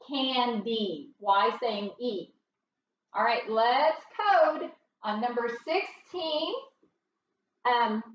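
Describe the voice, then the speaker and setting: Slow, patient high-voiced woman teacher. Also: roomy sound, far from the mic, muffled recording. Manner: slow, patient, sounding out words. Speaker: phonics teacher. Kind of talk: recorded phonics lesson.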